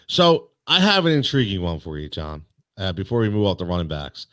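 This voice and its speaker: A man's voice: low-pitched, big pitch swings, a little fast, fairly bright tone, no echo, clean studio sound. A man co-hosting a casual sports podcast, rambling with lots of fillers and restarts. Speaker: podcast co-host.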